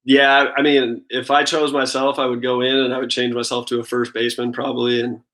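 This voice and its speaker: A man in his thirties, a baseball pitcher, chatting casually as an interview guest and telling relaxed stories full of "like" and "I mean". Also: a little fast, rough recording. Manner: relaxed storytelling, lots of "like" and "I mean".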